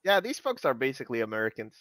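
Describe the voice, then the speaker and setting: A man hosts a live coding session, ribbing his co-hosts in a loose, chatty way. His voice is bright and lively, and it swings up and down a lot. The recording is close and dry, with no room sound. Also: mid-range voice, fast talker, no room sound. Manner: joking, teasing, chatty, lots of "you know". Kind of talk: casual live-coding chat.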